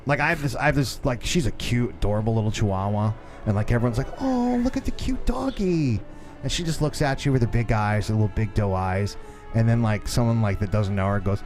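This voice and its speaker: A man in his thirties co-hosting a podcast in a studio, a lively storyteller who swears freely and acts out the voices in his stories. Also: on the low side, fast, soft background music. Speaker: podcast co-host. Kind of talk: casual chat.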